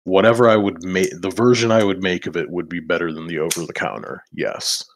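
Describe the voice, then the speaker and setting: Fairly quick and low-voiced, a man chats through a tabletop role-playing game in a loose, rambling way. Swearing comes often, laughter breaks up his lines, and the talk slips in and out of character.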